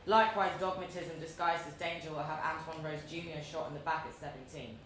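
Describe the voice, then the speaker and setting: A woman in her thirties with a London accent reads her personal essay aloud in a measured, deliberate, dryly wry way. Her voice sits a little low. It echoes strongly around a large room, with a faint noise underneath. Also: steady tone, fairly bright tone. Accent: London English. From London, England. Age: 30s. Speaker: author reading her essay. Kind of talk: live reading of a personal essay. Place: large echoey museum event space.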